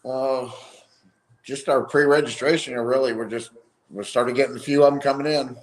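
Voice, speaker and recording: A man's voice: mid-range voice, fairly even intonation, moderate pace. A man who organizes an event, a guest on a live stream, explaining things plainly and step by step.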